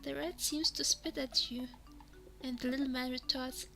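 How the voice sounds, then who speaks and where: Woman narrator for a fantasy text game, high voice, second-person reading, music bed underneath. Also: fairly even intonation, moderate pace, creaky, sharp tone. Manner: reads in second person, sometimes drops to a whisper. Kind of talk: reading a text adventure aloud. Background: background music.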